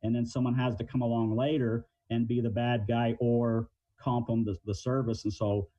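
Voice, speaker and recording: A man's voice: medium pitch, flat delivery, normal speed, no echo, highs cut off. A middle-aged man, a crisis negotiation trainer, answering interview questions in a plain-spoken way and explaining with everyday examples.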